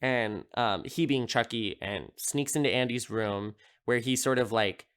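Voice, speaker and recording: A man's voice: medium pitch, a little slow, fairly bright tone, clear, resonant tone. A man hosting a podcast, casually recapping a horror film in a rambling, amused way, with lots of filler words. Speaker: podcast host.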